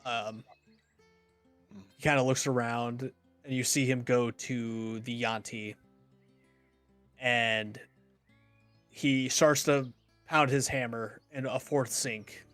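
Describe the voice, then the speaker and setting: A male game master describes a fantasy scene in a plain mid-range voice, stopping and restarting often. His delivery stays unadorned, and he flatly refuses to put on accents. Faint music runs underneath. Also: mid-range voice, no room sound. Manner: halting, many ums and restarts. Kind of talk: narrating a tabletop game.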